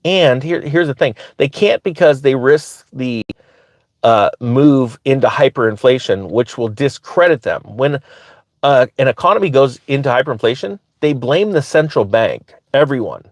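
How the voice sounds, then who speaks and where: A man hosting his own channel, telling a story in a casual, animated way and often laughing as he talks. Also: medium pitch, normal speed, no room sound. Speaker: finance commentator, channel host.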